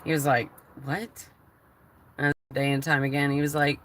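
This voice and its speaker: A woman's voice: sits low, a little fast. A woman livestreaming, telling a personal story in a candid way, with a lot of swearing and laughter. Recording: noisy phone recording.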